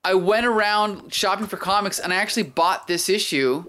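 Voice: mid-range voice, normal speed, bright, forceful tone. A podcast host chatting casually, rambling through a side story and laughing often.

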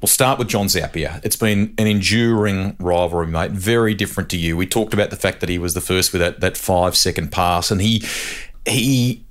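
A man hosting an interview, asking brisk, conversational questions. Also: sits low, slight background noise. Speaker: podcast host.

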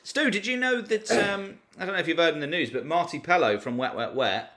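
A man co-hosting a comedy podcast with a somewhat high, very animated voice. He banters and cracks jokes in a loose, casual chat. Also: a little fast. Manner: jokey, lively banter. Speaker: podcast co-host. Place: same room as co-host, indoors.

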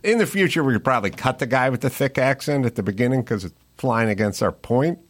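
A man's voice: medium pitch, expressive, fast talker. A man hosting a podcast, chatting in a wry, joking way. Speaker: podcast host. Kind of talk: casual chat.

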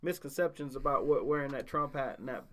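A man's voice: mid-range voice, fairly quick, fairly bright tone. A man in casual banter, crude and teasing, cross-questioning his co-host.

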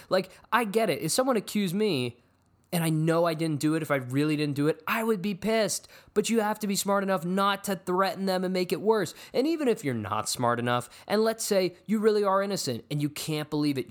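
A young man hosting a podcast, ranting about football in a profane, sarcastic, casual way. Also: fairly high pitch. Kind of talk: casual sports rant.

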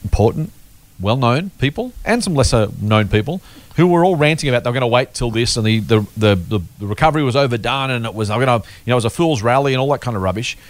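A man, hosting a casual investing podcast chat, emphatic and lively. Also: mid-range voice, no room sound. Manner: animated, emphatic, quick-talking. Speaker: podcast host.

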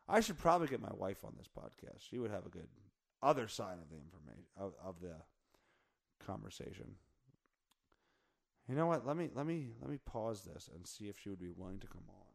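A man hosting a podcast in a casual, joking chat. His voice is hoarse, and he rambles and corrects himself often. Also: on the low side. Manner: rambling, self-correcting, jokey. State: hoarse from singing in the car. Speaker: podcast host.

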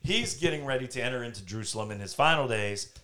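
Animated man telling a faith story. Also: medium pitch, quick pace. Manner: animated storyteller, acts out quotes. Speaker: podcast host. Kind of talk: casual faith talk. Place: home.

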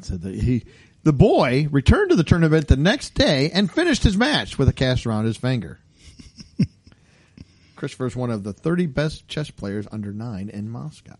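Male podcast host, gravelly tone, lively up-and-down delivery, keeps cracking jokes. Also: medium pitch, moderate pace, no room sound. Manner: joking, laughs often. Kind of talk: casual chat.

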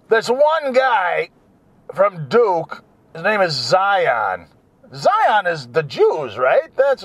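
A man's voice: high voice, fairly bright tone. A man talking in a casual, rambling, jokey monologue as a vlogger.

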